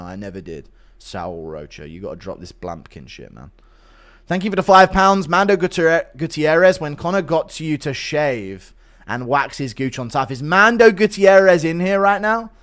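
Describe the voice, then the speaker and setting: A man's voice: a little high, a bit bright. A man live-streaming, reading out donations and joking crudely, laughing often. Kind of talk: casual chat.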